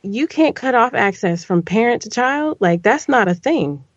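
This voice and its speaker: A woman guest on a casual podcast, telling a story in an animated way, her voice climbing when she gets upset. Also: on the high side, moderate pace, dry recording, dull audio.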